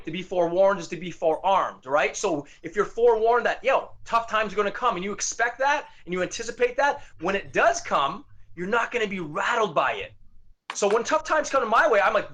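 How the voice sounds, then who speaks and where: A man giving an energetic motivational talk straight to his listeners, often repeating words and restarting sentences. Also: high voice. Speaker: motivational speaker.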